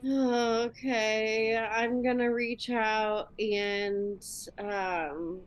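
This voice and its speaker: A woman's voice: a little high, steady tone, extremely slow, clear, resonant tone, muffled recording, soft background music. A woman playing a tabletop game, hesitant and asking tentative questions. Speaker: player. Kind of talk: casual tabletop game play.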